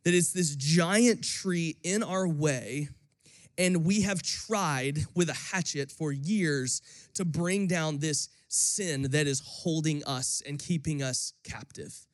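A man's voice: fairly high pitch, takes it slowly, dry recording. A young man from Florida, a pastor, giving a sermon that opens with a casual story told with many fillers.

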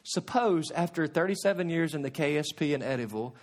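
A middle-aged man preaching a sermon as pastor, swinging between loud emphasis and hushed, quiet asides. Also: a little high, expressive, fairly quick.

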